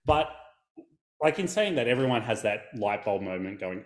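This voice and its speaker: A man talking as a guest in a casual podcast interview, animated and storytelling. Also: fairly low pitch, normal speed, reverberant. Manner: animated, storytelling, acts out quotes. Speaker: guest, video coach.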